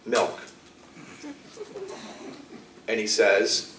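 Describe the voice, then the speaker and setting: A man giving a talk as a rabbi, telling stories with animated acted-out dialogue. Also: slow pace, long pauses, slight background noise. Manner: animated, acts out dialogue with shifting pitch. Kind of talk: lively storytelling lecture. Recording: roomy, distant mic in a hall.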